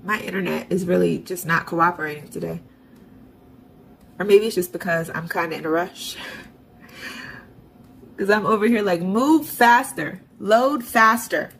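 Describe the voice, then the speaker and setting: A woman's voice: on the low side, fairly even intonation, moderate pace, pauses often, a little hiss or hum, low-quality recording. A woman vlogger narrating her budgeting and bill transfers in a chatty, self-talking way, with sarcastic asides. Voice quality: gravelly vocal fry. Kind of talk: casual narration of online banking.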